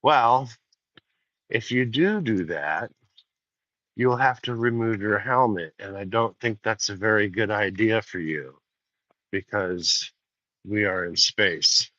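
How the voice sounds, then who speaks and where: A man voicing a calm male spaceship supercomputer that refuses requests with slow, measured, cold politeness. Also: lowish voice, dry recording, voice pushed down. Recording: dull lo-fi sound.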